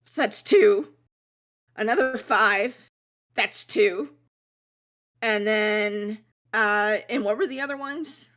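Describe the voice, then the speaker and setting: A woman's voice: mid-range voice, takes it slowly, long pauses, a bit bright. A woman playing a tabletop game, laughing often and counting her dice aloud. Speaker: player. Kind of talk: casual tabletop play.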